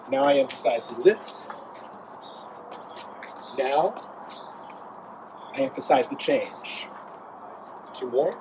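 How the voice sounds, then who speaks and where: A man teaching a dance step, explaining the moves and counting beats as he demonstrates them. His voice sits at an ordinary middle pitch. A clear layer of noise runs under the recording. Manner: counts steps aloud while dancing. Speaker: dance instructor. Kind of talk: dance tutorial while demonstrating.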